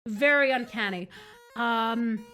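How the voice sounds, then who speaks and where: High bright-voiced woman streaming a spooky game, jumpy and chatty with chat, faint music under it. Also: takes it slowly. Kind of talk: live game stream commentary. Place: home room, playing at a computer.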